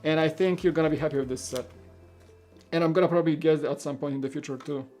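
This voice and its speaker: A man's voice: a little high, fairly even intonation, fast, a little mellow, soft background music. A man whose first language is Polish, hosting a casual livestream as he builds. He rambles, stammers, repeats words and chuckles as he talks. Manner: chuckles often while talking. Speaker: livestream host.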